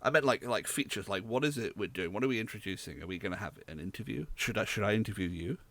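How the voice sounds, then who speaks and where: This lowish, slightly bright male voice talks fast as he co-hosts a laid-back podcast. He's from Southwest England, rambles drily and fills his speech with fillers, and the recording has no room sound.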